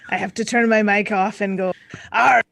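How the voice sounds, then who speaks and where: A woman's voice: medium pitch, little pitch movement, a little fast, a loud crowd. A woman chatting playfully on a live gaming stream and laughing often while she answers questions. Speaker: guest streamer from a gaming channel. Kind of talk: casual stream chat.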